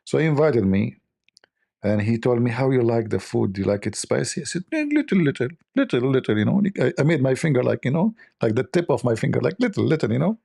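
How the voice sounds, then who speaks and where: A man's voice: mid-range voice, fast talker, creaky, warm tone, husky. A man from the Middle East with an Arabic accent, hosting a casual livestream chat and telling rambling, joking stories full of "you know". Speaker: livestream host.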